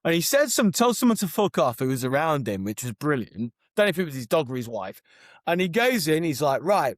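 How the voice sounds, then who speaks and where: A man co-hosting a podcast, telling animated, overexcited stories in casual chat. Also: a little high, a little fast, dry recording, clean studio sound. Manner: animated storyteller, gets overexcited. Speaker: podcast co-host.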